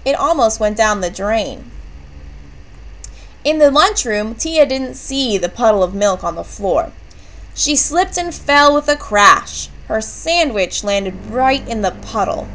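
Slow, lively woman reading a children's story. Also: on the high side, low-quality recording. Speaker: storybook reader. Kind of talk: reading a children's book aloud.

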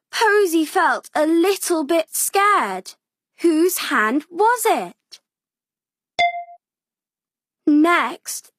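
A woman reading a picture book aloud for small children, slow and expressive. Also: very high voice, no room sound, studio quality. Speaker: children's story reader.

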